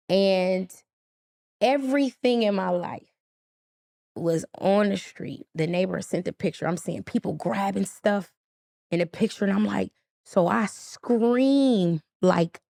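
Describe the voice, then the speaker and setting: A woman with a gravelly, fry-edged voice, speaking as a podcast guest. She tells a painful personal story with feeling and acts out the quoted dialogue with a lot of life. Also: medium pitch, warm tone, dry recording, clean studio sound.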